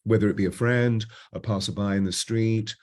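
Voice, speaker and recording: A man in his seventies with a British Received Pronunciation accent, a voice coach telling stories in an interview, expressive, moving between lively bursts and slow, hushed phrases. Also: on the low side. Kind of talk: reflective interview storytelling.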